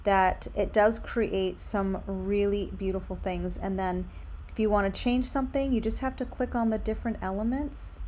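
A young woman narrates a screen-share tutorial in a casual, upbeat way, often recommending what she likes. Her voice sits in a middle pitch. A faint hum of noise runs underneath. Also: steady tone, moderate pace, a little mellow. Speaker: candle brand owner.

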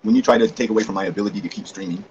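A man's voice: fairly low pitch, fairly even intonation, racing, darkish tone, breathy edge, muffled recording. A man hosting a livestream, arguing with a guest in a bickering, profane, exasperated way. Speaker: livestream host. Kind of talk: heated casual livestream banter.

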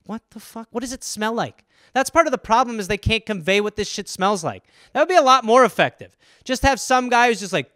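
A man hosting a comedy podcast, riffing alone in a rambling, profane, animated way. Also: very high voice, fairly quick, dry recording, studio quality.

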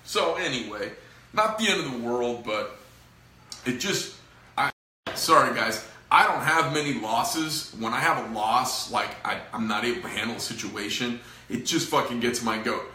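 A man's voice: medium pitch, normal speed, pushed and bright, echoey room. A middle-aged man who runs a knife company, venting to camera in a rambling, profane, frustrated way.

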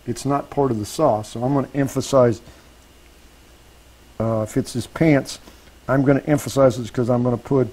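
A man with a steady, dark, mid-range voice speaks at normal speed with long pauses, captured in a low-quality recording with faint background noise. He's giving a live woodworking demo, talking as he works, self-correcting by restarting phrases, and checking in with the audience.

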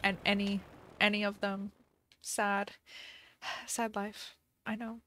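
With a mid-range voice, flat delivery and slow pace, a young woman streams a casual chat. She's still chatty and giggly, reading viewer messages aloud as soft music plays.

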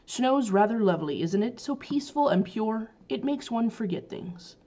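Woman reading as a gentle wistful young man. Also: high voice, lively intonation, moderate pace, pitched above the performer's own voice.

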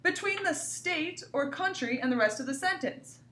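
Speaking straight to young children, a woman elementary school teacher leads a cheerful, encouraging grammar lesson recorded for remote learning. Her voice sits high, with lively intonation, normal speed and a sharp tone, heard off mic from a distance in an echoey room.

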